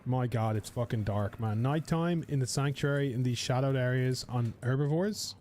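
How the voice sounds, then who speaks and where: A man streaming a game live, talking to his chat in a loose, rambling way and swearing casually. His pitch sits in the middle, and a faint hum runs underneath. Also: moderate pace, darkish tone.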